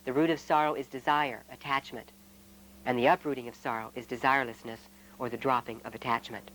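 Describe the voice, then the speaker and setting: A man who is a friar, giving a spiritual retreat talk in a measured, reflective way with gentle humor. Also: mid-range voice, steady tone, low-quality recording.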